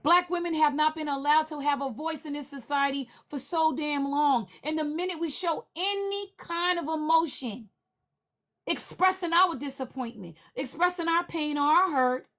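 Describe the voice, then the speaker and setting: A woman with a high-pitched voice delivers a heated livestream rant. She hammers the same demands over and over in an indignant, forceful way. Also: moderate pace. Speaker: livestream panelist.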